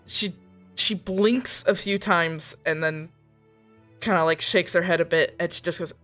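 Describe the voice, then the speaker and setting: A woman's voice: lowish voice, unhurried, fairly bright tone, soft background music. A woman playing a tabletop role-playing game, describing her character's actions expressively and swearing freely. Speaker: player.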